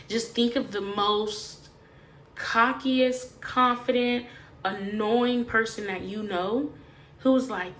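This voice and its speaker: A woman's voice: medium pitch, fairly bright tone, slight background noise. A woman giving a casual, chatty tarot reading straight to the viewer, emphatic and full of slangy asides. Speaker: tarot reader.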